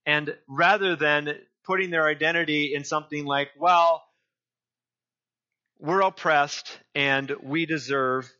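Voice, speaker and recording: A male pastor preaching a sermon, deliberate and often repeating and restarting his phrases. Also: on the high side, bright, forceful tone, lo-fi sound.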